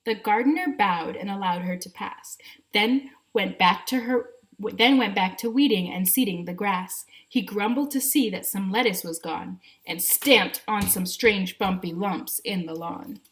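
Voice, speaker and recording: A woman's voice: medium pitch, moderate pace, few pauses, poor audio. Woman teacher reading a picture book aloud. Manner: gentle rhyming storytelling with asides to children. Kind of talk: children's read-aloud. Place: home.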